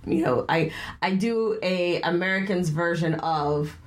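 A woman's voice: lowish voice, measured pace. A woman with a Boston accent, co-hosting a casual podcast chat in an upbeat, chatty way. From Boston area, USA. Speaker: podcast co-host.

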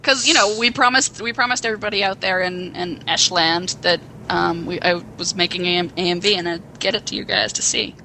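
A young woman co-hosting a podcast, excitedly rambling through a plot retelling with acted quotes. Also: fairly low pitch, a little fast, creaky, hardly any pauses, slight background noise, low-quality recording. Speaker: podcast co-host. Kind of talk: casual chat.

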